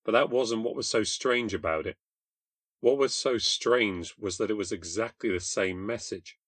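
A young man narrates a first-person ghost story in a bitter, deadpan tone. His voice sits low, and the recording is dry and close with no room sound. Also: moderate pace, breathy edge, no room sound. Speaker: podcast host and narrator.

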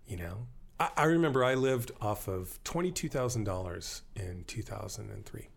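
A man talking in a casual podcast conversation, animated and rambling, joking as he tells stories. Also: fairly low pitch, moderate pace, creaky. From born in Germany to American parents. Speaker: podcast guest.

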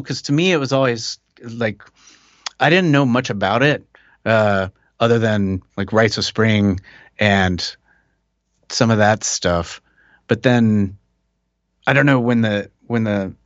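A male musician in a relaxed podcast chat, rambling and self-deprecating as he gestures while he talks. His voice is mid-pitched and recorded dry and close. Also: unhurried, long pauses, no echo, dull audio. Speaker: musician guest. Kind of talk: casual conversational interview.

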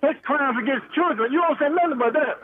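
A man's voice: extremely high pitch, quick pace. A man calling in to a talk show, heated and accusing, talking over the host. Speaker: caller. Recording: caller on a phone line with faint noise.

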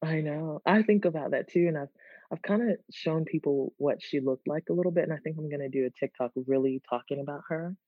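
A woman guest chatting in an interview, animated and quick to laugh. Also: low voice, no room sound. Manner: animated, laughs easily, restarts words. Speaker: guest, content creator. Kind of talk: casual interview chat. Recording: dull lo-fi, dry sound.

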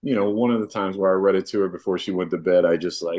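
Low-voiced guy rambling easy in an interview, lots of "like" and "you know". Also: fast. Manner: relaxed and rambling, many fillers. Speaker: guest, artist and father. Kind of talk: casual interview chat.

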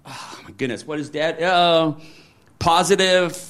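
Guy talking about his life, slightly high voice, rambles, tons of likes and ums. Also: a little slow, a bit bright. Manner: rambling, many fillers and restarts; acts out quoted dialogue. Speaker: interviewee. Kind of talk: candid conversation.

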